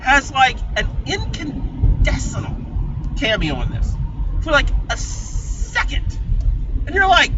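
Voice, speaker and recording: A man giving a sarcastic, exasperated film review while driving, swinging from low grumbling to loud ranting. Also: huge pitch swings, slow, pauses often, a loud crowd. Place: inside a car. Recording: lo-fi, distant, road noise.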